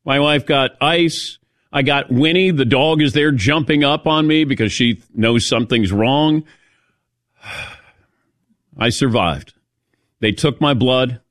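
A man's voice: medium pitch, takes it slowly, pauses often, fairly bright tone, no room sound, clean studio sound. A middle-aged man hosting a sports talk radio show, telling a self-mocking story in casual chat.

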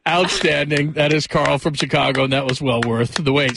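A man's voice: on the high side, a little fast, creaky, background noise. A man hosting a sports talk radio show, upbeat and full of big praise. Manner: upbeat, hyperbolic, loose.

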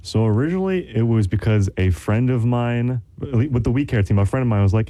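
A man's voice: mid-range voice, animated, brisk, mellow. A young airman from New York, a guest in a radio interview, easygoing and good-humored. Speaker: airman, volunteer group vice president.

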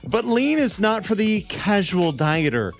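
A man's voice: very animated, unhurried. A man with a slightly raised voice gives an upbeat live ad read on his radio show, then banters with his co-hosts. The sound is a little dull, with faint music under it. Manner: upbeat sales pitch, spells out promo code.

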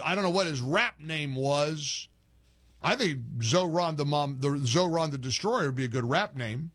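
Guy ranting on his commentary show, husky voice that swings all over, kinda indignant and rambly. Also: a little high. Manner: indignant, animated, rambling with restarts. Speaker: political commentary host. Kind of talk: opinionated monologue.

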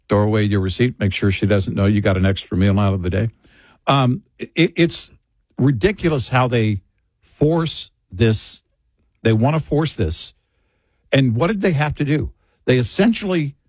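A man's voice: mid-range voice, a little mellow, husky, no echo, clean studio sound. An older man co-hosting a talk show, chatting casually and rambling with frequent restarts. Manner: rambling, self-correcting, chatty.

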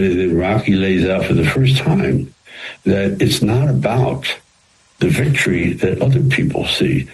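Very deep-voiced man telling showbiz stories. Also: poor audio. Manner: animated, rambling anecdotes with frequent restarts. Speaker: actor and screenwriter guest. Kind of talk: storytelling in a radio interview.

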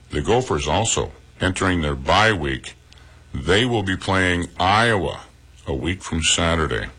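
A man giving a local sports report, pausing often with "uh" and adding his own opinions. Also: low-pitched. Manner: plain, relaxed delivery with frequent pauses and "uh"s, offering personal opinions.

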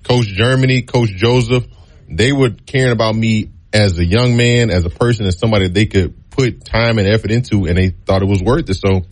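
A man talking through his football years in a casual interview. His voice sits low, and he tells it in a relaxed, storytelling way, putting on voices for the people he quotes. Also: a little fast. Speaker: guest, former college football player.

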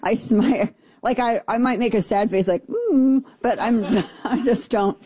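A woman's voice: mid-range voice, normal speed, dark tone. A woman hosting a talk radio show, talking in a chatty, rambling way with jokey digressions, on a studio microphone.

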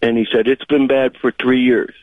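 A man's voice: mid-range voice, flat delivery, normal speed, no room sound. Chatty male caller on a phone line. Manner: chatty storyteller, many fillers. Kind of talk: call-in radio talk.

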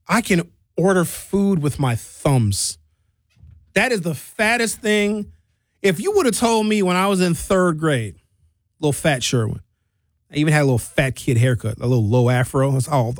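A man's voice: mid-range voice, no room sound. A man in his forties hosting a radio talk show, riffing in a comedic monologue and acting out characters in quotes. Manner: animated, acts out characters in quotes. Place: radio studio. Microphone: studio microphone.

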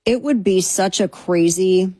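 A woman's voice: mid-range voice, measured pace, warm tone, breathy edge, dry recording. A woman hosting a political talk show, delivering a sarcastic, indignant monologue. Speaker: political commentary host.

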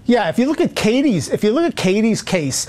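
A man's voice: sits high, big pitch swings, a little fast, darkish tone. A man speaking as a guest on a news interview, earnest and frustrated. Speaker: interview guest, grieving father.

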